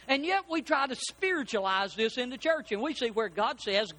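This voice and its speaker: A man preaching a sermon in a church, folksy and animated, asking his congregation questions. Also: very high-pitched, normal speed, hardly any pauses. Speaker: pastor. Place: church sanctuary.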